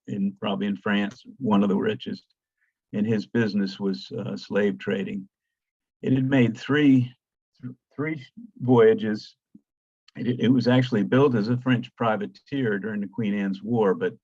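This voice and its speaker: An older male archaeologist giving a slide presentation, halting and restarting often, with many fillers, calling for the next slide. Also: fairly low pitch, a little mellow, no room sound, lo-fi sound. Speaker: guest lecturer, archaeologist.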